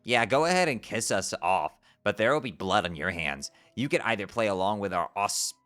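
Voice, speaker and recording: A man's voice: lowish voice, lively intonation, moderate pace, a bit bright, faint music behind. A man streaming himself as he reads a webcomic aloud, tripping over strange words, swearing casually and breaking off to laugh and comment.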